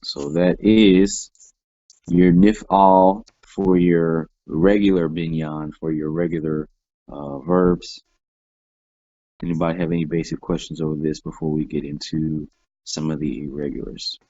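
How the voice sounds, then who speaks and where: Slow, deep-voiced man teaching grammar. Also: flat delivery, warm tone, dry recording. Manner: patient, explains step by step, many "all right" fillers. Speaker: Hebrew teacher. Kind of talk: classroom grammar lesson. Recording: dull lo-fi dry sound.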